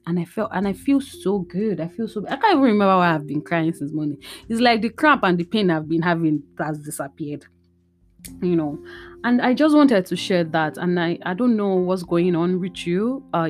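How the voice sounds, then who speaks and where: A woman's voice: on the low side, darkish tone. A young woman talking candidly and emotionally to her listeners in a personal monologue, chatty and full of fillers, recorded at home.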